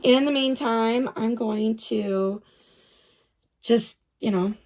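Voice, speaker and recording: A woman's voice: on the high side, slow pace, darkish tone. A woman vlogging in a casual chat about her doll collection, gushing, repeating herself and stumbling over names.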